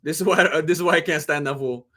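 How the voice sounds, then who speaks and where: A man's voice: a little high, quick pace, bright, forceful tone. A man hosting a live fight commentary stream, talking in a blunt, joking, chatty way.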